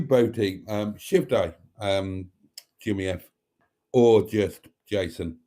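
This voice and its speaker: A British man hosting a casual livestream, reading viewer comments aloud and joking back, with chuckles and throat-clearing. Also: on the low side, slow, dark tone. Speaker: livestream host.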